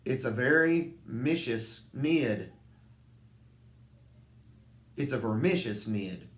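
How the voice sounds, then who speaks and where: A man's voice: medium pitch, animated, takes it slowly. A man voicing a sly, grumbling male police chief in a storybook reading, in an echoey room.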